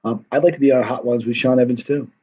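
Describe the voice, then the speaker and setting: A middle-aged man talks to his live-stream viewers in a loose, rambling way, tired yet still wired. His voice sits at an ordinary middle pitch. The audio comes through a little dull and lo-fi. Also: fairly even intonation, fast, mellow, husky. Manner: rambling, chatty, self-deprecating. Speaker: vlogger answering live chat. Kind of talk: casual live-stream chat.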